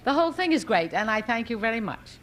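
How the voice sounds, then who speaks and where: A woman's voice: on the high side, big pitch swings, fast talker, fairly bright tone. A woman on a game show panel, gracious and sprinkling in French words. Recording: old TV broadcast with hiss.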